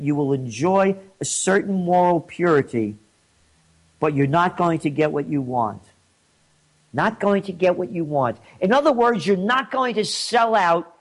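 A man hosting an opinion commentary, indignant and mocking, his voice rising when he gets riled. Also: fairly high pitch. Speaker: host.

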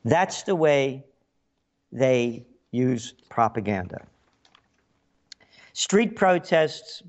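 A man's voice: mid-range voice, clear, resonant tone, dull audio. A man hosting a talk radio show, delivering a sarcastic, facetious monologue with a frog in his throat.

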